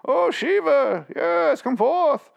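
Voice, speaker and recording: A pompous medieval king , as a man puts him on, proclaims in a high, swelling voice. Every word is slow and grandly stretched out. The delivery is theatrical and self-important. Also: big pitch swings, creaky, highs cut off, heavily acted. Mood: grandiose.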